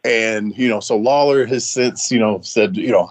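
A man's voice: on the low side, moderate pace, no room sound. A man hosting a podcast, retelling a story in a rambling, casual way with many restarts. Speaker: podcast host. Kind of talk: casual chat.

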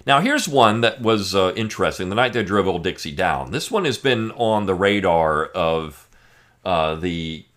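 A man's voice: deep voice, lively intonation, a little slow, a bit bright. A man hosting a podcast, giving an emphatic, sarcastic opinion monologue with frequent fillers. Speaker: podcast host.

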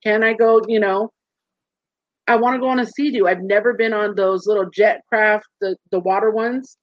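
A woman's voice: medium pitch, steady tone, normal speed, no room sound. A woman in her thirties, a guest in a candid interview, talking earnestly and animatedly and acting out voices in her stories. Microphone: video call. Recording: dull muffled lo-fi sound.

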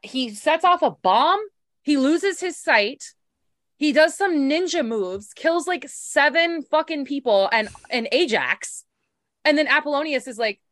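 A woman's voice: high-pitched, unhurried, no echo. A woman co-hosting a casual podcast chat about a book series, swearing freely and acting out the characters' lines. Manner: profane, animated, acts out characters' lines. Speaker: podcast co-host.

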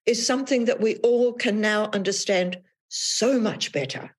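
A woman author as an interview guest, talking thoughtfully about her experiences in a measured, reflective way. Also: mid-range voice, slightly rough. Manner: thoughtful, measured, with frequent restarts. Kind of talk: reflective podcast conversation.

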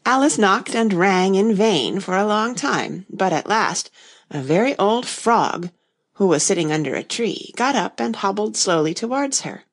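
A woman reading a children's storybook aloud in a gentle, measured way. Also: mid-range voice, lively intonation. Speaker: narrator.

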